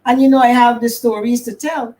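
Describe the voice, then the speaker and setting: A woman's voice: fairly high pitch, steady tone, a little fast, darkish tone, low-quality recording. An older woman from Guyana with a Guyanese accent, telling stories in a casual livestream chat as the host's mother. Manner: storytelling, acts out quoted voices.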